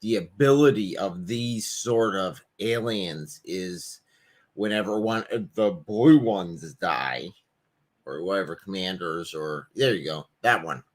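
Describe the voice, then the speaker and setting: A man's voice: deep voice, takes it slowly. A man co-hosting a casual film review chat, making dry, blunt remarks. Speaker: co-host.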